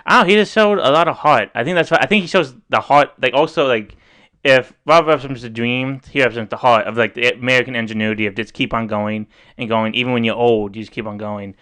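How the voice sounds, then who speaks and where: A man's voice: medium pitch, fast, bright, forceful tone, clear, resonant tone. A man co-hosting a podcast in casual chat, rambling along with many "like" fillers as he recaps a film. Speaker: podcast co-host.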